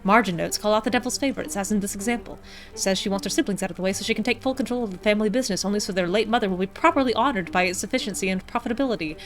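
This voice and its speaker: A woman's voice: medium pitch, rapid-fire. Wry woman streamer reading game text. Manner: wry, chatty asides between readings. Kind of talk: gameplay commentary and reading game text aloud.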